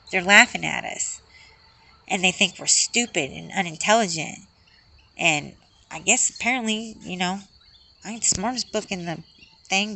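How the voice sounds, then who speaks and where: A woman's voice: mid-range voice, bright, forceful tone. A woman ranting in a rambling, profane, heated way as a vlogger. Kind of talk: rambling rant to camera.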